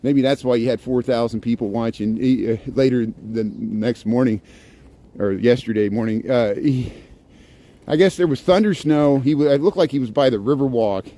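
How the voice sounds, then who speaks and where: A man's voice: medium pitch, moderate pace, dark tone. A middle-aged man live-streaming as he walks outdoors, chatting in a rambling way and greeting viewers by name. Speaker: live-streaming walking vlogger. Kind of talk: casual live-stream chat. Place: outdoors on a snowy city street. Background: faint street ambience and passing vehicles.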